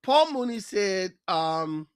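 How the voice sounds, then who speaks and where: A woman co-hosting a casual podcast chat, retelling a sketch with animated storytelling. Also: mid-range voice, slow pace, clean tone, no room sound, studio quality. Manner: animated storytelling, acts out quoted lines. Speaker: co-host.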